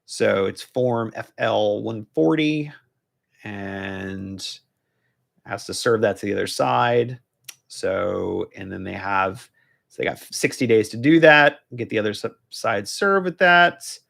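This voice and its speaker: A man's voice: fairly low pitch, slow, creaky, a bit bright. A man, working as a divorce lawyer, explaining a court filing in a casual, rambling live stream full of fillers and restarts. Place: law office.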